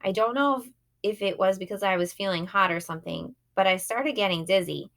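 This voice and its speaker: A woman's voice: mid-range voice, a little fast, vocal fry, a bit bright. A woman reading a first-person children's novel aloud in a plain, youthful narrating tone. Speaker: audiobook reader.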